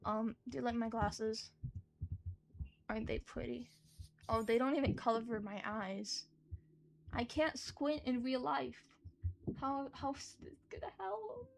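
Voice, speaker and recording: An American woman rambles casually while streaming a game, swearing now and then in relaxed stream chat. Her voice is a little high, with vocal fry, a measured pace, and frequent pauses. Her accent is neutral American, though some words sound British.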